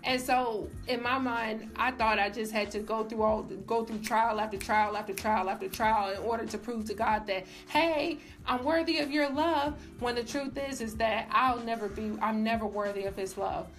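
Young woman, testimony talk, casual and emphatic, slightly high voice, faint music behind. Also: steady tone, normal speed, few pauses, fairly bright tone. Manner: casual, emphatic, says "like" often. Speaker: faith vlogger.

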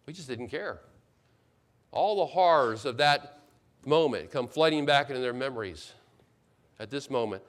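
A man preaching a sermon as pastor, paraphrasing the characters of a Bible story and swinging from loud emphasis to quiet, hushed asides. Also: medium pitch, lively intonation, normal speed, long pauses.

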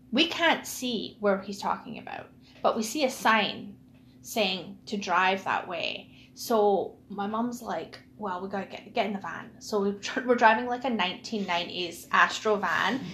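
Woman, animated casual storyteller, mid pitch, light hum behind. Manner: animated, laughing storytelling with many fillers. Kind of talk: casual chat.

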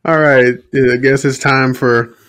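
A man's voice: mid-range voice, steady tone, measured pace, a bit bright. A man hosting a podcast, cracking crude jokes and laughing often. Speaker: podcast host. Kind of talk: casual podcast banter.

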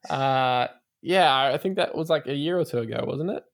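A man's voice: mid-range voice, normal speed, vocal fry. A man chatting casually about a film, joking and laughing often. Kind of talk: casual film review chat.

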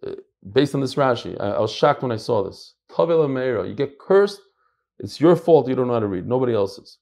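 An American man teaching a Talmud class, emphatic and animated, mixing in Hebrew and Yiddish terms. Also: mid-range voice, brisk, gravelly. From United States. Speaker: Torah teacher.

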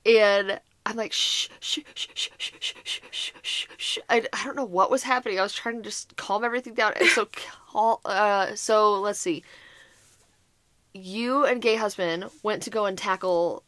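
Podcast co-host, woman: bright, somewhat high voice, animated and profane storytelling, dry close mic. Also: moderate pace, no room sound. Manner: animated, swearing, laughing while retelling. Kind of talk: casual storytelling chat.

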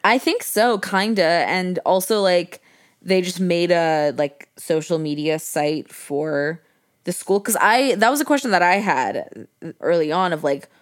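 A young woman co-hosts a casual podcast in a slightly low voice. She gushes and giggles as she recaps scenes, sprinkling "like" through every sentence. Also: unhurried. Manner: giggly, gushing, heavy use of "like". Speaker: podcast co-host. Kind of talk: casual chat recapping a TV episode.

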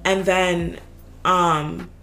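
Young woman, casual podcast chat, animated storyteller, lower voice, faint background music. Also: drawn-out words. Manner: animated storytelling, swears a lot, heavy filler "like".

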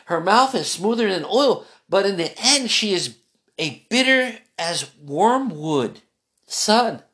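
An earnest Bible teacher leads a study session and reads scripture slowly before explaining it. Key phrases come back again and again, and the listener is called son. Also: mid-range voice, very animated, fairly bright tone.

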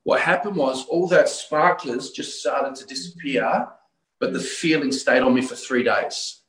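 There's a roomy echo around this middle-aged or older Australian man. He tells his own religious conversion story as a guest, earnestly but haltingly, restarting often, in a mid-range, slightly bright voice.

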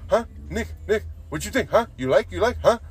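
A man's voice: high voice, animated, a little fast, slightly rough, voice pushed up, full character voice. A man voicing a crude male coworker in his fifties who pushes every line with "huh?". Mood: teasing. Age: 50s. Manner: insistent, repeats "huh?" after everything. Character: pushy middle-aged male coworker, crude joker.

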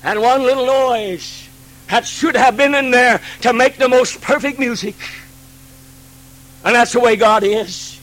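A man preaching a Pentecostal sermon, swinging from hushed pleading to ringing cries and acting out God's pleading voice. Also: very high voice, a little slow, rough recording.

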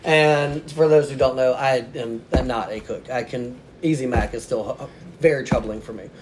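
A man's voice: mid-range voice, normal speed, background noise. A man talking as a podcast guest, telling a story in a casual, self-mocking way and laughing often.

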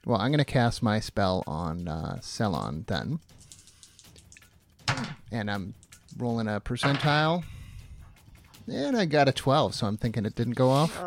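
A man playing a tabletop game, asking questions and thinking out loud about his moves. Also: mid-range voice, very animated, measured pace, pauses often, music in the background. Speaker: player. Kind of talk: casual game talk.

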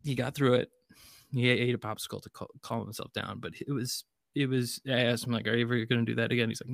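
Gravelly-voiced man telling a wry story. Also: mid-range voice, steady tone, quick pace, no echo, clean studio sound. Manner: wry, self-mocking storyteller. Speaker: podcast co-host. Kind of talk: casual podcast chat.

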